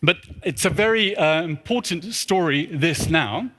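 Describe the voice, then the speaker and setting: A man's voice: a little high, lively intonation, measured pace, sharp tone. A man on stage telling a self-mocking travel anecdote to an audience, full of "sort of" fillers and comic asides. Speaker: speaker at a symposium. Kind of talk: storytelling talk to an audience. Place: large church hall.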